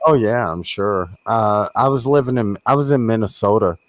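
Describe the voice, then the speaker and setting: A man's voice: on the low side, moderate pace, dry recording. A man from Kentucky and Florida hosting a casual live stream chat, laughing often and telling stories with animation. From born in Kentucky, raised in Florida. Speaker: host.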